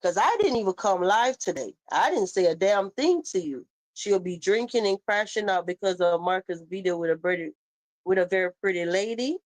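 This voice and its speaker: A woman's voice: mid-range voice, moderate pace, a little mellow, poor audio. A woman with a Caribbean accent, hosting a heated live stream, reading chat comments aloud and scolding someone in a sassy way. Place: home.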